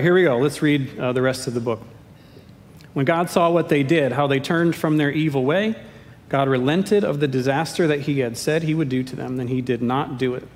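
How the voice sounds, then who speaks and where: A man preaching a sermon as pastor, with playful, self-deprecating humor. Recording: echoey hall with faint rumble.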